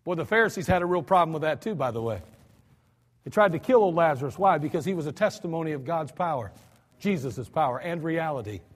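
An American male pastor preaching a storytelling sermon, swinging between soft asides and loud cries. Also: on the high side, expressive, fast talker. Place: church sanctuary. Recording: church hall reverb.

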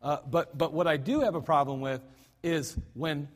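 A high-pitched American man delivers a folksy sermon, joking at his own slips and talking straight to the congregation. His voice rings with a long reverb through the sanctuary. He keeps it conversational rather than grand. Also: moderate pace. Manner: folksy, self-deprecating preaching with asides. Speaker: pastor. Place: church sanctuary. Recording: hall reverb.

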